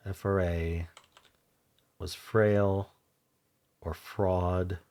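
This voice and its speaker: A man hosting a word-puzzle video, thinking aloud as he solves it, spelling out letters and trailing off softly, with keyboard typing behind him. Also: sits low, little pitch movement, very slow. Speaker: Wordle video host.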